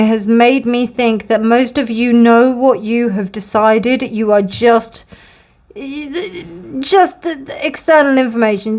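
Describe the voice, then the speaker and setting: A woman's voice: on the high side, a little mellow. A woman giving a pick-a-card tarot reading, chatty and rambling, calling her viewers "my darlings".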